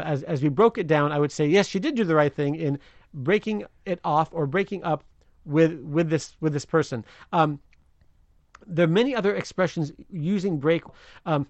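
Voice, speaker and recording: A man who is a slang expert guest on a radio show, explaining idioms in an animated, chatty way, often chuckling. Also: on the high side, dry recording, muffled recording. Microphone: remote line from another city.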